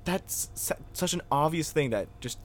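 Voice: mid-range voice, lively intonation, normal speed. A podcast co-host in casual chat, teasing in a wry, mock-serious manner.

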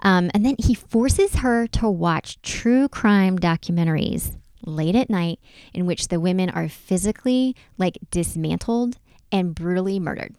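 A woman's voice: lowish voice, expressive, unhurried, a little mellow, clear, resonant tone, no room sound. A woman co-hosting a podcast, summarizing in casual chat full of "like" and "um". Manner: chatty, lots of "like" and "um" fillers. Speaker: podcast co-host.

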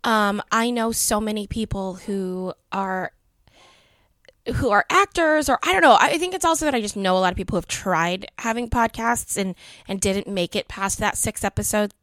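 A chatty woman co-hosting a podcast, telling a story in easy casual conversation and laughing often. Her voice sits at a middle pitch. The sound is dry and close, with no room around it. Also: moderate pace, fairly bright tone, no echo. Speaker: podcast co-host. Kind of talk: casual chat.

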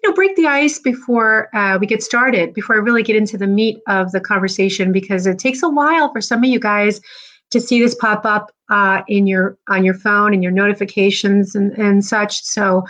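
A woman's voice: mid-range voice, moderate pace, a bit bright. A middle-aged woman from New Jersey hosting a live stream, chatting casually and rambling with lots of fillers. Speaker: podcast host.

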